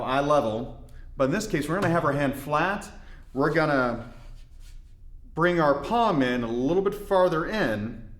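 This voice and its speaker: A man from Indiana explaining hand-drum technique in a relaxed, step-by-step way with folksy asides. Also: mid-range voice, reverberant. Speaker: darbuka teacher. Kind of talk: instructional demonstration.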